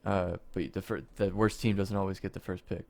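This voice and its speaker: A man co-hosting a laid-back podcast. He rambles along, swears freely and breaks into laughter often. His voice sits fairly low and sounds dry and close to the mic. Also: flat delivery, a little fast, darkish tone, dry recording. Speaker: podcast co-host. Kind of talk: casual chat.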